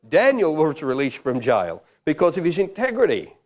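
Male preacher, middle-aged, animated storyteller, voice rises and falls a lot. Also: on the high side, moderate pace, few pauses. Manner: animated, acts out quoted voices. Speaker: pastor. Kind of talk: sermon with storytelling.

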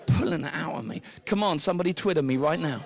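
A British man preaching a sermon, telling the story with lively, acted-out dialogue. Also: a little high, quick pace, creaky. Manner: animated storytelling, acting out the characters.

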